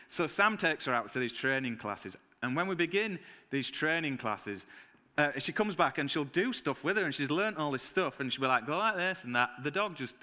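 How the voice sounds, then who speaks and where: A man preaching a sermon, telling lively personal stories and acting out his own reactions, with a Northern English accent. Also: on the high side, long reverb tail. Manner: animated storytelling, acts out his own reactions. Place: church hall.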